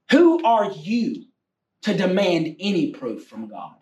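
High-voiced male preacher in an echoey room. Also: sing-song, unhurried. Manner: swings from loud exhortation to low confiding tones. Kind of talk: sermon. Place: church room with a congregation. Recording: echoey room, heard from a distance.

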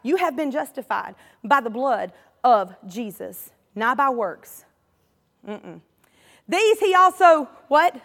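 Speaking slowly in a high, sing-song voice that is a bit bright, a Southern US woman delivers an impassioned sermon in a large hall. She stresses her points by repeating phrases and asks her congregation to answer back, which they do.

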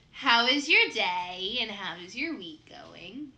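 A woman's voice: mid-range voice, animated, slow, sharp tone, shouting. A young Midwestern American woman co-hosting a podcast, chatting casually and laughing often. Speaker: podcast co-host. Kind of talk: casual chat. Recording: echoey room with faint noise.

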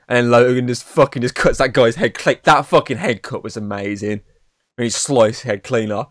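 Recorded dry and clean in a studio, this young man has a mid-range voice and a brisk, steady delivery. As a podcast co-host chatting casually about a film, he rambles, curses openly and leans on "obviously" almost constantly.

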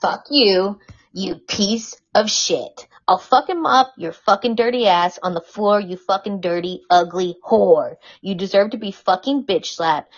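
A woman impersonating a furious, foul-mouthed man who shouts insults, in a dull lo-fi recording. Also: mid-range voice, a little slow, natural voice. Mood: furious ranting. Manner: shouting profanity.

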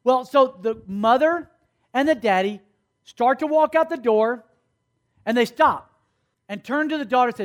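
A youth pastor preaches a sermon in a very high-pitched male voice, at a moderate pace with long pauses. He tells stories, acts out characters, and calls for responses from the group.

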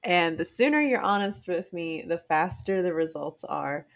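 A woman's voice: lowish voice, normal speed. A woman co-hosting a casual chat podcast, talking earnestly and acting out quoted lines as she tells stories. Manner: earnest, animated storytelling with acted-out quotes. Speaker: podcast co-host.

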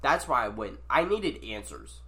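A man telling a story in casual chat with friends, animated, swearing and acting out quotes. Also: medium pitch, moderate pace, soft background music.

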